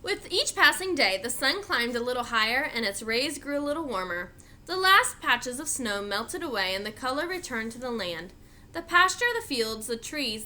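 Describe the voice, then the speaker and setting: A woman reading a children's novel aloud, her voice bright and high. She tells the story in an expressive, animated way with a lively, swinging pitch. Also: a little hiss or hum. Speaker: reader.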